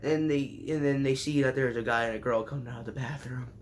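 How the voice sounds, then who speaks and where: A man recapping an anime season in a sarcastic, rambling way, with sudden jumps in pitch. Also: fairly even intonation, quick pace, slight background noise. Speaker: anime reviewer.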